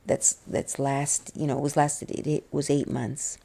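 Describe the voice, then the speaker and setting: A middle-aged woman with a low, gravelly voice and a mellow, dark tone rambles through a personal vlog from a small room at home. She sounds close to tears and trips over herself with restarts and fillers. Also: flat delivery, measured pace. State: tearful, on the verge of crying. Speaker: vlogger. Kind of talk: personal confessional vlog, soft-spoken.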